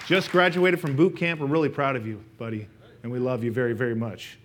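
A man's voice: medium pitch, steady tone, brisk, a bit bright, some chatter behind, a little hiss or hum. A middle-aged man preaching a sermon in a church, speaking casually with personal stories and talking straight to the congregation. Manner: conversational, anecdotal, speaks directly to the congregation. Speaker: pastor. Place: church sanctuary.

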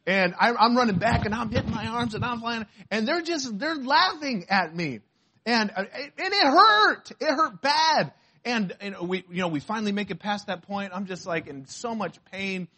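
Man, pastor, sermon, lively storytelling, high voice. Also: normal speed, breathy edge. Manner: animated storytelling, shouts when acting out pain.

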